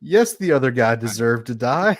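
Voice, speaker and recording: A man's voice: medium pitch, big pitch swings, normal speed. A man hosting a casual podcast panel, joking and laughing often. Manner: laughs often, puts on a joking Jersey accent for bits. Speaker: podcast host. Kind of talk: casual chat.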